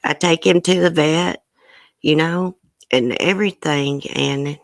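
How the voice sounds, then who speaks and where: Woman, low voice, chatty live stream host, emotional, dry close sound. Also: moderate pace, no room sound. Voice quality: emotional, soft-hearted. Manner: chatty, greets viewers by name, says y'all. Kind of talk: casual live stream chat.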